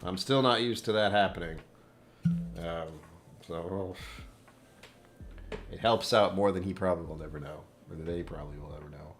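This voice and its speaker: A man's voice: deep voice, normal speed, pauses often, soft background music. A middle-aged man hosting a whiskey live stream from home, chatting casually in a rambling, self-deprecating way and laughing often. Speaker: whiskey channel host.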